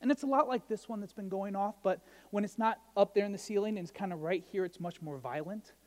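A man's voice: sits high, fast talker, big-room sound. A male pastor giving a casual, conversational sermon, often asking the listeners "right?" and telling humorous stories. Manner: conversational, asks the crowd "right?", tells jokey stories.

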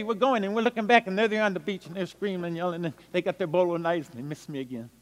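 An older man, a missionary evangelist, telling stories in a sermon. He swings animatedly between loud bursts and hushed, quiet stretches. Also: sits high, rapid-fire, few pauses. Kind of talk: storytelling sermon. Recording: long hall reverb.

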